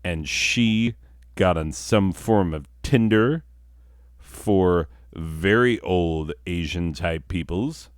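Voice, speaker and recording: A man's voice: low-pitched, slow, no echo, studio quality. A man telling a comic story with rambling, self-mocking asides. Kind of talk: comedic storytelling.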